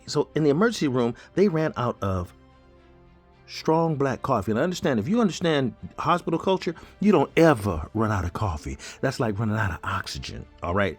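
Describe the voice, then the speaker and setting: Husky, animated male storyteller. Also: mid-range voice. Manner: animated, joking, conversational. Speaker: show host telling his story. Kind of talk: casual storytelling.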